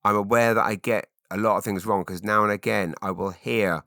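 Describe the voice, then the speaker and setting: An Englishman in his forties with a British accent rambles through his solo podcast in a steady, lowish voice that sounds pushed and bright, speaking fairly quickly. He keeps cutting himself off mid-sentence and jumping into silly voices. The audio is clean studio sound with no echo.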